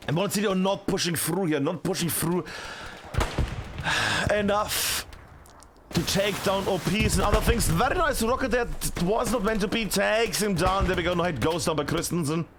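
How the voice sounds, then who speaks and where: A man casting a competitive video game match live, his voice sitting high and swinging widely as he reacts. He talks in a loose, chatty way, full of fillers, and gets excited when the action heats up. Faint game sounds hum underneath. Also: a little slow. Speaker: esports caster.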